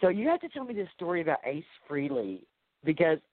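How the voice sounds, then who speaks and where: A woman's voice: low voice, big pitch swings, a little fast, no echo. A woman with a Texas accent hosting an interview, chatty and enthusiastic. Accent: Texan. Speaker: host. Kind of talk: casual interview. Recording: tinny phone-like line, dry.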